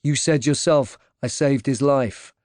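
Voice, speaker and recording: A man's voice: mid-range voice, measured pace, a little mellow, no echo, studio quality, natural voice. A man voicing a bruised, stubborn male investigator who speaks tersely and insistently.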